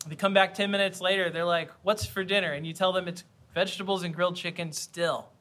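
A man's voice: high-pitched, steady tone, fairly quick, bright, forceful tone. A man preaching a sermon in an earnest, conversational way, often repeating and restarting phrases. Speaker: pastor.

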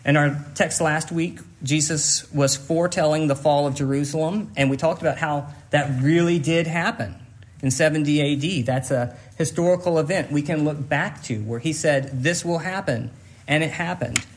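A male pastor delivering a Sunday sermon in an earnest, emphatic way. His voice sits a little high for a man, and he leans on repeated phrases to press each point home. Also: normal speed.

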